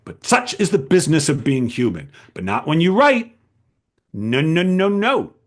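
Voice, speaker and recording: A man's voice: on the high side, very animated, normal speed. A man giving a talk to a writers' group as a writing coach, emphatic and full of rhetorical questions.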